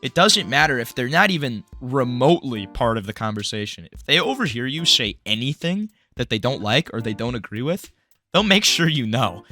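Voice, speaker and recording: A man's voice: mid-range voice, bright, forceful tone. A young man in college, ranting bluntly and crudely through a comedic tier list, stammering and restarting as he goes. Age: young adult. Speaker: college student vlogger.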